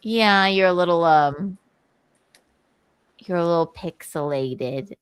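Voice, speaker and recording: A woman's voice: lowish voice, slow, clean tone, no room sound, clean studio sound. A young adult woman hosting a casual livestream chat, gushing and telling stories. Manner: gushing, chatty storyteller. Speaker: livestream host.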